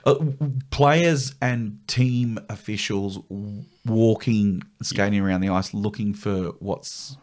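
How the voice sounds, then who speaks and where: Laid-back man, low voice. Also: takes it slowly, hardly any pauses. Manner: relaxed, brief agreeing replies. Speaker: podcast guest, sports MC. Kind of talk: casual chat.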